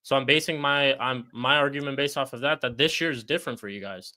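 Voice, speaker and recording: A man co-hosting a football podcast, arguing his point in a deliberate, repeating way. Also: mid-range voice, sharp tone. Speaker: podcast co-host. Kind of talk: casual football debate.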